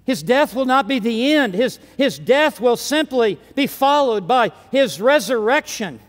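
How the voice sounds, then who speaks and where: A man preaches to a conference crowd with an unusually high, ringing voice. He drives his points home with emphatic, forceful declarations. His words trail off into the long reverb of a large hall. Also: lively intonation, measured pace. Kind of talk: conference sermon.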